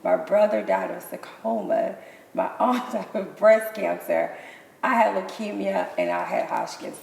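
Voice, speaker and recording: A woman, a guest on a talk show, telling her own story in an animated way, repeating herself and laughing between words. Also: mid-range voice, a little slow, creaky. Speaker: guest, cancer survivor. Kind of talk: emotional personal storytelling. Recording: echoey room with long reverb, faint noise.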